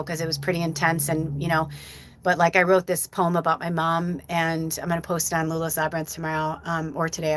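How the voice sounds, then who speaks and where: A middle-aged woman hosting a live stream as a medium, talking casually and from the heart, rambling with many fillers. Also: fairly low pitch.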